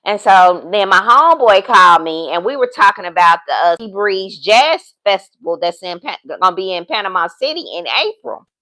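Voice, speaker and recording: A woman's voice: mid-range voice, animated, normal speed, few pauses, sharp tone. A woman in her fifties, a vlogger, chatting casually and telling a story straight to her viewers, acting out both sides of a phone call. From United States. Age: 50s.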